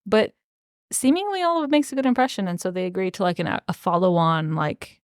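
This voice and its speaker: A young woman co-hosting a book podcast, relaxed, recapping the plot in casual chat with lots of "like". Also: mid-range voice, brisk, clean tone, dry recording, clean studio sound. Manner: relaxed storyteller with many "like" fillers. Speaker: podcast co-host.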